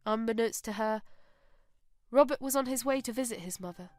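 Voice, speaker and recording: Woman narrator, scripted drama story, solemn measured delivery, fairly high voice, dry close sound, faint music bed. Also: a little mellow, no room sound.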